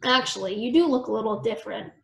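A woman voicing a jolly old male professor rodent who exclaims loudly, recorded in a roomy space. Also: on the high side, fast talker, creaky. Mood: jovial. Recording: roomy echo.

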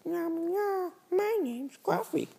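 A young man voicing his pet dog as a silly creature making fake threats, in a high, squeaky put-on voice. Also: expressive, slow pace, vocal fry, mellow, heavily acted. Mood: mock menacing. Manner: goofy mock threats, trails into a whisper.

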